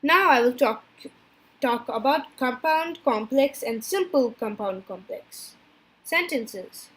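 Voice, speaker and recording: A woman giving a class presentation from slides, halting and stumbling over technical terms. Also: fairly high pitch, animated, a bit bright, husky. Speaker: student presenter.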